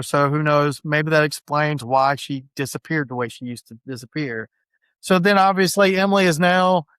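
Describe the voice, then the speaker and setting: A man's voice: fairly high pitch, a bit bright, clean tone, no room sound. A man hosting a book-club podcast, recapping chapters in a chatty, rambling way and acting out quotes. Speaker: podcast host.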